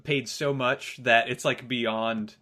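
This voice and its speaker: A man co-hosting a casual sports podcast, relaxed and full of ums. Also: medium pitch, takes it slowly. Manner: relaxed, hesitant, filler-heavy. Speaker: podcast co-host.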